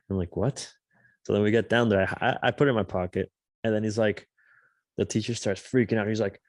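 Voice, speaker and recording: A young man co-hosting, telling rambling, slangy stories in relaxed casual chat. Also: fairly low pitch, fast, no echo, studio quality. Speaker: co-host reading confessions.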